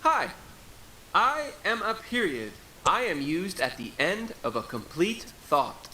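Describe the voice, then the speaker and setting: A woman voicing a calm cartoon period that explains itself slowly in a bright, gravelly voice. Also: fairly low pitch, reverberant, a little hiss or hum, exaggerated voice, poor audio. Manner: slow, explanatory. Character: matter-of-fact cartoon period, calm and plain.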